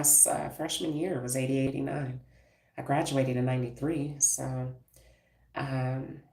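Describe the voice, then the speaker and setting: A low-pitched woman in her fifties talks bluntly and with emphasis straight to her viewers, like a stylist chatting on a live stream. Her voice sounds roomy and echoey, picked up from some distance from the mic. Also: darkish tone. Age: 50s. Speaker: hairstylist and brand owner. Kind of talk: live-stream casual talk.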